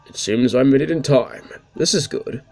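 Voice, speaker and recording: A man's voice: mid-range voice, big pitch swings, moderate pace, gravelly, darkish tone, soft background music. A man voicing an earnest old male musician who stands against a villain, speaking solemnly as he reads game dialogue.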